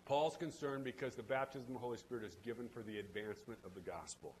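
A man preaching a sermon in a church, swinging between loud, fervent preaching and hushed asides. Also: mid-range voice, quick pace. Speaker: pastor. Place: church sanctuary.

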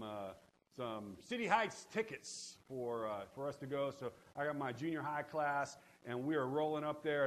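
A middle-aged man preaching a sermon, telling the story with lively asides and calling out to his congregation for responses. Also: medium pitch, a little hiss or hum. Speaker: pastor.

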